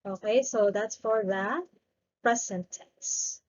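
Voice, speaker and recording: A language teacher, a woman, runs a grammar lesson with slow drilled repetition, patiently saying each word twice. Her voice sits at medium pitch with a darkish tone, and she takes it slowly. The highs in the audio are cut off.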